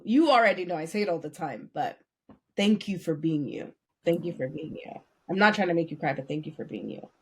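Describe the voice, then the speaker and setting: A woman co-hosting a podcast who talks in an effusive, affectionate, animated way and leads the conversation. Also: on the low side. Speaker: podcast co-host.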